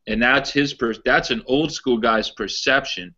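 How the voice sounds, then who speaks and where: A man's voice: medium pitch, steady tone, moderate pace, pushed and bright. A man co-hosting a wrestling podcast in casual chat, a rambling storyteller who repeats his words. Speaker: podcast co-host. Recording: dull lo-fi podcast audio.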